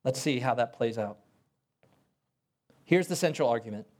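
With a slightly mellow voice, lively intonation, and moderate pace, this man delivers a sermon as a pastor. Earnest and forceful, he addresses the congregation in a conversational way, surging in pitch and speed to stress his points.

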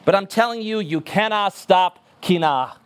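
A man's voice: high voice, normal speed, clean tone. A man preaching a sermon as pastor, emphatic and earnest, repeating words for stress.

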